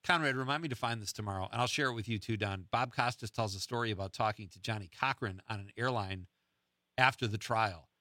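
A man hosting a radio show in casual chat, chatty and quick to laugh. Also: on the low side, bright, forceful tone, no room sound, studio quality. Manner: chatty, laughs often, quotes lines playfully. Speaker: radio host.

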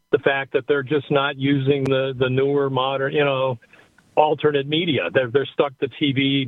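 A man calls into a radio show while driving, rambling and thinking out loud over a phone in his car. The line sounds tinny, with a dry recording of his mid-range voice.

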